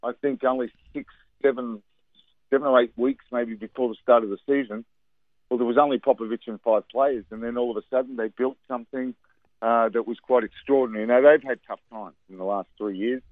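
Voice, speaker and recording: A man's voice: mid-range voice, steady tone, fairly quick, no echo. Australian male football pundit phoning into radio, chatty, dry tinny line. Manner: chatty, repeats words for emphasis. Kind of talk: phone-in radio sports chat.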